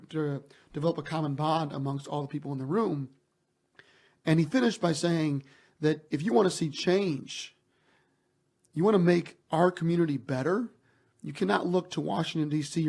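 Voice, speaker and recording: A basketball team executive answers interview questions as a guest, earnest and emphatic, often repeating words as he launches into a thought. His voice is a little high, creaky and darkish in tone, and slightly rough.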